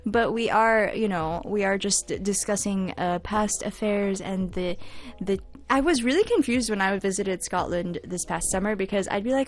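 A woman's voice: mid-range voice, moderate pace. Playful woman host chatting. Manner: playful, giggly, sounding out words. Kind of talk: casual chat.

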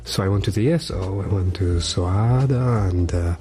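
A man's voice: low-pitched, normal speed, warm tone. Man as a hesitant radio guest. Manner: hesitant, with fillers and restarts. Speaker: interview guest, charity run organizer. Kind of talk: radio interview.

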